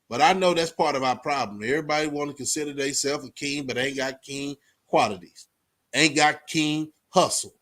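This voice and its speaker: A man's voice: a little high, a bit bright. A man vlogging casually to the camera, preaching about life in a streetwise way and filling his talk with "man" and "you know what I'm saying". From Austin, Texas.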